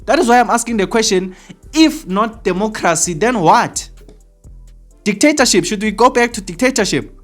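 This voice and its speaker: South African accent, channel host, opinion commentary, emphatic, rhetorical, repeats questions, mid-pitched voice. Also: lively intonation, normal speed, soft background music.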